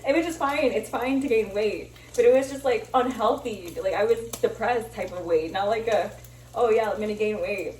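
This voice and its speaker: Young woman, casual rambling vlog chat while cooking, slightly high voice, sizzle faint behind, roomy and distant. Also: normal speed, hardly any pauses, a little mellow, slight background noise. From Miami. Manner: rambling, self-interrupting, swears freely, laughs often. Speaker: vlogger. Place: kitchen, cooking bacon. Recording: echoey kitchen, sizzling pan, distant camera.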